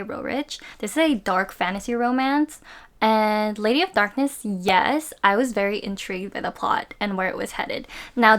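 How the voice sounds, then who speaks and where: Gushing woman reviewing books. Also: on the high side. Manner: gushing, playful and expressive, laughs often. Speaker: book reviewer. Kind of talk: casual chatty book review vlog.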